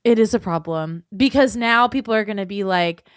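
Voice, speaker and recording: A woman's voice: medium pitch, brisk, smooth, dry recording, clean studio sound. A young woman co-hosting a casual podcast, agreeable and chatty, backing up her co-host often. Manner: agreeable, many short backchannels. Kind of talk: casual chat recapping reality TV.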